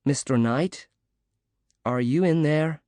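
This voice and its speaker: A male narrator voicing a cheery young American woman athlete who speaks brightly and teases gently. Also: medium pitch, lively intonation, slow, no echo, studio quality. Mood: cheery, earnest.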